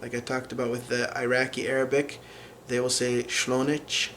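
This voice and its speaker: A man explaining a language lesson in an unhurried way, pausing often with fillers as he works through examples. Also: mid-range voice, monotone, fairly bright tone, a little hiss or hum. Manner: unhurried, many fillers and restarts while explaining. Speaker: language teacher.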